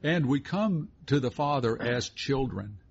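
A man's voice: mid-range voice, expressive, a little slow, gravelly, slight background noise. A middle-aged man co-hosting a Christian teaching talk, folksy and affirming as he reads and explains scripture. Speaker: co-host of a Christian teaching show. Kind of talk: conversational Bible teaching. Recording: dull lo-fi sound.

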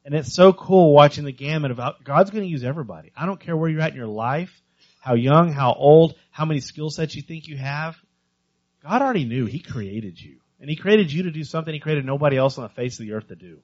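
A man giving a missions talk to a church congregation, telling stories with lively energy and often stumbling over repeated words. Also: a little high, a little fast, dull audio. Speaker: visiting missions speaker.

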